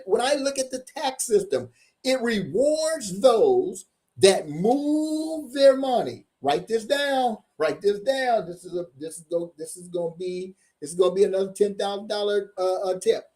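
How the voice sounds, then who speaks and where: A man giving a motivational seminar presentation as a tax coach, emphatic, repeating key points slowly and firing questions at his audience. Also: sits high, expressive, warm tone.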